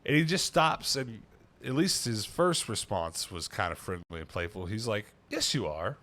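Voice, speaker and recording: A man with a fairly low voice that swings widely as he talks. He hosts a relaxed chat and tells rambling, self-mocking stories. He sounds to be in his thirties. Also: normal speed. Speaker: channel host. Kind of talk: casual chat.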